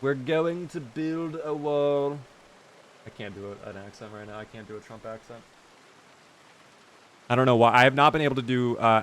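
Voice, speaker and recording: A man's voice: mid-range voice, a bit bright, slight background noise. A man streaming a game live, chatting casually, teasing his character and answering his chat.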